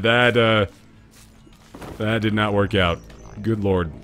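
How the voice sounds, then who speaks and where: Excitable male gamer, lowish voice. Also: measured pace, pauses often, soft background music. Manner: excitable, jumps from muttering to loud yelps and laughs. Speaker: gaming video host. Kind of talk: let's-play commentary.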